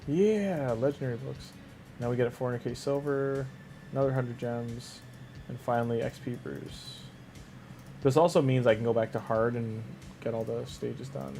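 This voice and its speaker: A man's voice: medium pitch, steady tone, normal speed, vocal fry, dark tone, slight background noise. Rambling Canadian man streaming. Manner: rambling, leans on "like", frequent restarts. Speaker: game streamer. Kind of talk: casual live-stream chat.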